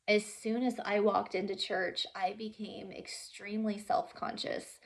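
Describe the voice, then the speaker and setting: A young woman talking earnestly and haltingly about her own experience, with many pauses and fillers and some softly whispered words. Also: mid-range voice, gravelly. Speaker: vlogger sharing her story. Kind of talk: emotional personal storytelling.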